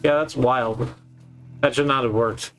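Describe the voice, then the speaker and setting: A man's voice: medium pitch, steady tone, a little slow, fairly bright tone, faint music behind. A young man telling rambling, jokey stories while a friend plays a video game. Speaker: game co-commentator. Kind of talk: casual let's-play chat.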